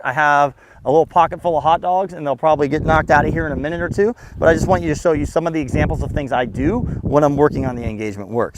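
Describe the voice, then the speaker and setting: A dog trainer talking casually as he works, explaining each step in plain words. His voice sits a little on the high side for a man. There's a faint hiss of noise behind him in the open air. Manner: relaxed explaining, breaking into high excited calls to the dog. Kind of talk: casual outdoor training demonstration.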